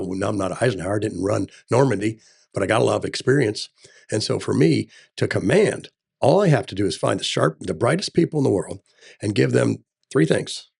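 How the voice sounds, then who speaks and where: Middle-aged man, low gravelly husky voice, emphatic candidate in interview, peppers talk with military jargon. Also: a little mellow. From Texas. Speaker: gubernatorial candidate.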